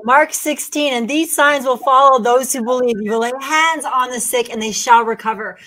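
Bright-voiced woman hosting an interview. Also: sits high, normal speed, few pauses, poor audio. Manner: enthusiastic, quotes scripture. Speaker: host. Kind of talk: interview conversation.

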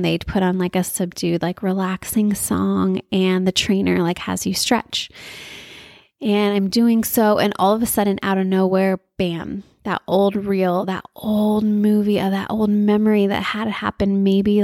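An earnest woman in her thirties tells a story from her own life. She speaks at a middle pitch and confides in the listener. Her voice is recorded close and dry. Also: a little mellow, dry recording. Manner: earnest, confiding, acts out quoted dialogue. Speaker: mother sharing faith stories. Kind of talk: personal storytelling.

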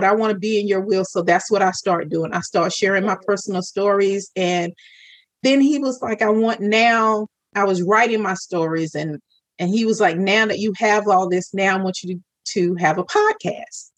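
A woman's voice: mid-range voice, moderate pace, dry recording. A woman guest on a podcast interview, telling her personal story of faith in an earnest way and acting out what she once said to God. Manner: earnest, acts out her own past words to God.

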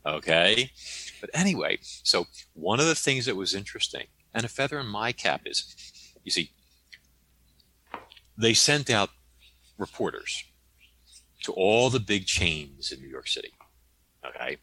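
A deep-voiced man spins anecdotes as an interview guest, his pitch swooping all over as he talks. His tone is bright and forceful. He keeps punctuating his points with "okay?". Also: unhurried, long pauses, no echo. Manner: animated, tags statements with "okay?". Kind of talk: conversational storytelling.

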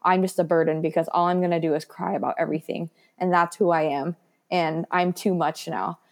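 A woman's voice: fairly low pitch, fairly even intonation, a little fast. A young adult woman giving a candid interview about her past, talking in an earnest, reflective way with many small fillers. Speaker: guest sharing her foster care story.

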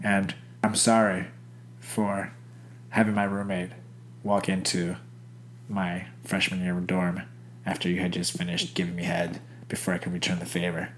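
A man's voice: low-pitched, normal speed, echoey room, slight background noise. A young man co-hosting a casual chat, telling crude stories with lots of swearing. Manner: crude, animated storyteller, swears a lot.

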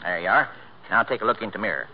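A man acting out a sly small-town tailor in an old radio comedy, drawling his homespun wisecracks at a brisk clip. The sound is dull and muffled, like an old radio transcription. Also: on the low side, expressive, a little hiss or hum, close to an everyday voice. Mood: folksy. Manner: drawling folksy banter.

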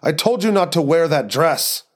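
A man's voice: fairly high pitch, expressive, pitched above the performer's own voice, natural voice. Man putting on a cocky Eastern European showoff. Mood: smug. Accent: put-on Eastern European. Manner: cocky, drawn-out boasting. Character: brash cigarette-waving man boasting VIP status.

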